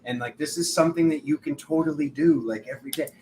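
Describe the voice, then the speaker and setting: A young man gives a spiritual tarot reading, rambling and acting out the voices of people in his stories. He talks quickly in a slightly high, darkish voice, and the poor-quality audio carries a little background noise.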